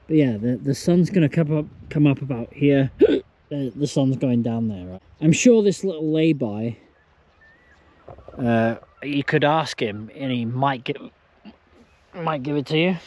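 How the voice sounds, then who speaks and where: This man's voice sits a little high, warm and expressive. Out at a campsite with a handheld camera, he's tipsy and hiccuping, rambling in a slow, loose way while mocking himself in a casual vlog monologue.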